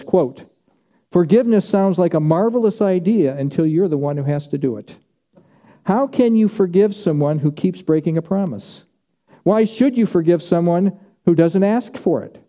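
Male pastor, sermon delivery, dark mellow tone, slightly higher pitch, dramatic emphasis. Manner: dramatic, emphatic preaching with vivid pauses.

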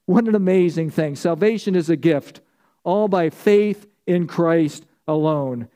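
A man's voice: a little high, unhurried, mellow. A man preaching a sermon as pastor, emphatic, stacking repeated phrases and prompting the congregation to answer.

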